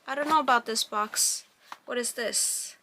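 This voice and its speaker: A woman's voice: fairly high pitch, measured pace, bright, forceful tone, slight background noise. A woman vlogger chatting through a beauty box unboxing, reading product labels aloud and gushing over packaging. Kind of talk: casual unboxing review.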